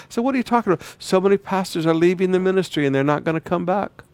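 A male pastor preaching a sermon, repeating words and swinging between loud declaring and quiet, pressing emphasis. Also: sits high, fast, hardly any pauses, no echo.

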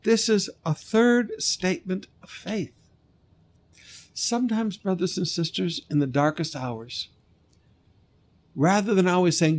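A pastor preaches a sermon, retelling a scripture story, stressing key lines with rising emphasis and occasionally breaking into short sung phrases. His voice is high and his pace a little slow.

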